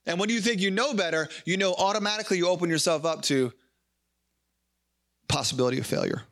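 Male pastor, high bright voice, animated sermon delivery with acted-out exchanges. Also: quick pace. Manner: animated, acts out little dialogues.

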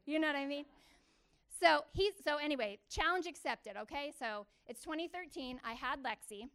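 A woman preaching a testimony sermon to a church gathering, telling her story with animated, emphatic repetition. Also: high voice, normal speed. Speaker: church speaker.

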